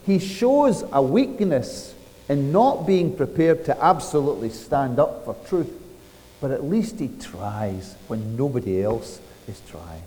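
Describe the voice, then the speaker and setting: A man's voice: medium pitch, big pitch swings, unhurried, dark tone, big-room sound, rough recording. A man preaching a sermon, retelling a story dramatically and asking rhetorical questions.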